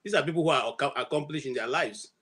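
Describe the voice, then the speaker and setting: A man moderating a heated online panel, firmly pleading for calm. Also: fairly high pitch, fast, breathy edge. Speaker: host and moderator.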